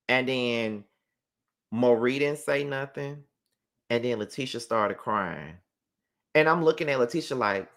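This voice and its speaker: Sassy animated man reviewing reality TV. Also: mid-range voice. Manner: sassy, animated, heavy swearing. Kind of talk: casual live show review.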